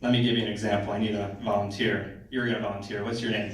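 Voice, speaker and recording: A man performing a stand-up comedy set on a theater stage, conversational with deadpan punchlines. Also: lowish voice, fast. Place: theater stage, live audience. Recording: echoey hall from far off, audience noise.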